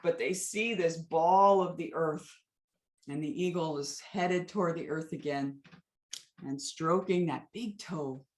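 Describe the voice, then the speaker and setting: Female movement teacher, unhurried and gentle, telling a story while she guides; roomy sound. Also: lowish voice. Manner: gentle, soothing guidance mixed with a story.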